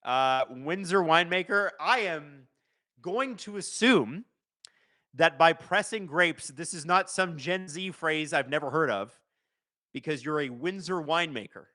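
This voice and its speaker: Bright-voiced man streaming. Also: on the high side, animated, a little slow, no room sound. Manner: jokey, reads viewer comments aloud. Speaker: host of a live watch-along stream. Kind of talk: casual live-stream chat and play-by-play.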